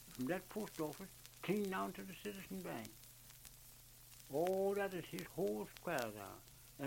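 On a noisy old archival recording, an older man with a Southern US accent and a voice on the high side shares his memories for an oral history. His telling is rambling, repetitive and halting.

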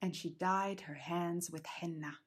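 A woman telling a folk tale in an unhurried, repetitive way, sometimes calling her listener darling. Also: lowish voice, steady tone, breathy edge. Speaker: storyteller.

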